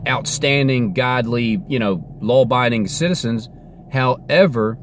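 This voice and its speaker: A man talking to camera in a rambling, preachy religious monologue, insistent and repetitive, with a faint vehicle hum behind. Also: mid-range voice.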